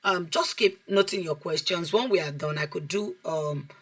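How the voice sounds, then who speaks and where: A woman, a child development coach giving an online class lecture over a video call, animated, asking the class questions and repeating phrases for emphasis. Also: on the low side, normal speed.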